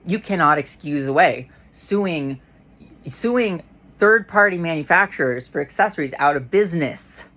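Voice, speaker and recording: A woman's voice: low voice, expressive, a little slow, a bit bright. A woman ranting to camera in a casual vlog, heated and frustrated, swearing often and restarting her sentences. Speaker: vlogger.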